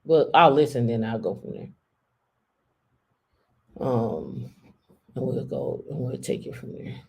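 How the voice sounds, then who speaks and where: Low-voiced woman hosting a live stream. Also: lively intonation, takes it slowly, creaky, a little mellow, husky. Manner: chatty, addresses viewers directly. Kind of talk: casual live-stream chat.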